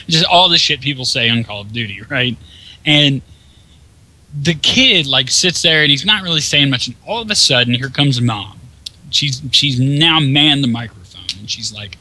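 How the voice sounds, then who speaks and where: Bright-voiced ranting man. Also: mid-range voice, moderate pace, low-quality recording. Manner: profane, exasperated ranting. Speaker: gameplay commentator. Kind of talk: casual ranting commentary.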